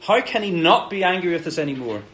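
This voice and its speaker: A man's voice: high voice, sing-song, quick pace, a bit bright, low-quality recording. A man preaching a sermon in an earnest, conversational way, acting out quoted lines with animation.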